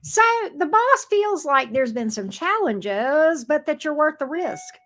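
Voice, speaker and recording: Woman, tarot reader on a live stream, bright higher pitch, casual and chatty with lots of fillers and restarts. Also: very animated, a little slow. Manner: chatty, greets viewers by pet names, many fillers and restarts.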